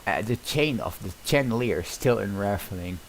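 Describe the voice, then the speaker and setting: A low-voiced man reading a film script aloud on stream, tripping over words and restarting often. The delivery is casual and unpolished, with a faint hiss in the background. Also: animated, moderate pace, low-quality recording.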